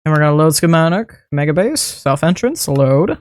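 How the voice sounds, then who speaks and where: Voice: mid-range voice, very animated, normal speed, dry recording. Casting note: rambling game streamer, self-talk, easy chuckles, dry close sound. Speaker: streamer building a game base. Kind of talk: casual gameplay commentary.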